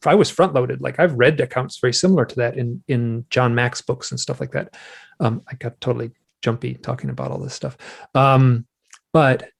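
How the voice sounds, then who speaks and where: A man with a gravelly, mid-pitched voice tells a personal story as a guest in conversation. He retells it in an animated way, acting out what he said. His delivery swings between quiet reflection and loud, heated quotes. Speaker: guest author.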